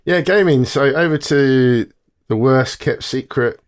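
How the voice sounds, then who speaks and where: A man presenting a jokey news segment on a casual podcast, deadpan with crude asides. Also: medium pitch, takes it slowly. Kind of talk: casual chat.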